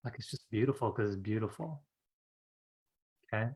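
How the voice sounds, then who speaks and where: A man's voice: fairly low pitch, normal speed, a little mellow, husky. A man teaching a live-streamed class on psychic skills, chatty and earnest, often asking "right?" and laughing. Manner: chatty, fills with "you guys" and "right?".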